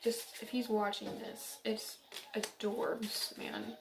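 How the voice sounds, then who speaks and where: A woman's voice: fairly high pitch, level tone, slow pace, gravelly, very noisy. A young woman from central Illinois giving a casual, upbeat tarot reading, chatty and giggly. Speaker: tarot reader.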